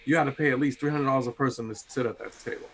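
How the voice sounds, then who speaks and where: A man's voice: medium pitch, very fast, slight background noise. A man, a chef co-hosting a podcast, telling work stories in a casual, profane way and acting out what people said. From Tampa area, United States. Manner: storytelling, swears freely, acts out quotes.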